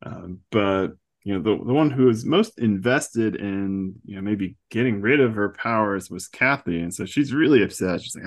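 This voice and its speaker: Man, lowish voice, chatty, laughs a lot, casual comic recap, podcast host. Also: lively intonation, moderate pace. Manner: chatty, laughs often, acts out quotes.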